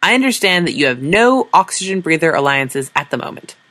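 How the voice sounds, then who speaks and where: A woman's voice: deep voice, very animated, a little fast, fairly bright tone, no room sound. A woman voicing a weary, exasperated diplomat who speaks in a dry, sardonic way.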